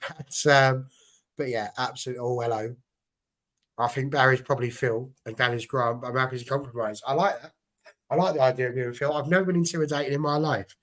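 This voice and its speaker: Chatty, excitable man hosting. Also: mid-range voice, a little fast. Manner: chatty, excitable, rambling with restarts. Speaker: host. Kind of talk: casual chat.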